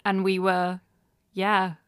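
A woman's voice: mid-range voice, monotone, takes it slowly, a bit bright, clear, resonant tone. A woman, co-hosting a podcast in a rambling, casual chat full of fillers. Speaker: podcast co-host.

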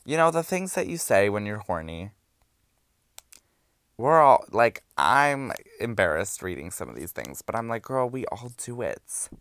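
A young man hosting a podcast, reading out messages in a low-key, dry deadpan with sassy asides. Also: measured pace, dry recording. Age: young adult. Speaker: podcast host. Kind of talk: candid reading of hookup-app messages.

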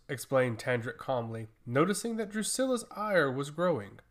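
A man's voice: fairly high pitch, very animated, moderate pace, hardly any pauses. A man reading a fantasy story aloud as the narrator, in a dramatic storytelling manner.

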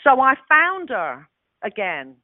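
A woman in her sixties with a London Cockney accent, telling animated stories with laughs as a guest actress. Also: high voice, takes it slowly, dry recording. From London, England. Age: 60s. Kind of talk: casual anecdote. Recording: tinny phone-like audio.

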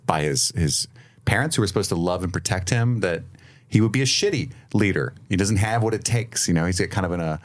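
A man with a very low, deep voice co-hosts a casual podcast chat. He talks in an animated, profane way and laughs often. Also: brisk. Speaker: podcast co-host.

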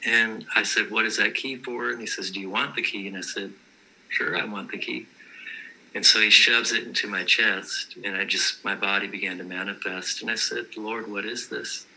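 A man's voice: on the low side, fairly even intonation, normal speed, gravelly, pushed and bright, a little hiss or hum, low-quality recording. A man telling personal vision stories in a casual, earnest, matter-of-fact way.

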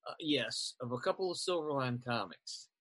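A man hosting a casual online group chat, talking in a relaxed, rambling way with many fillers, over a computer mic on a video call. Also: medium pitch, normal speed. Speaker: show host.

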